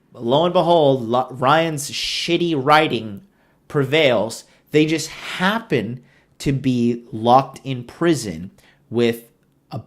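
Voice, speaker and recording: Profane, exasperated man ranting. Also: medium pitch. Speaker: online commentator. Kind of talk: ranting movie review.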